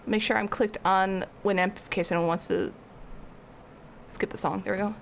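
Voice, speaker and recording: A woman's voice: medium pitch, steady tone, moderate pace, creaky, a little hiss or hum. A young woman art streamer rambling casually as she answers her live chat.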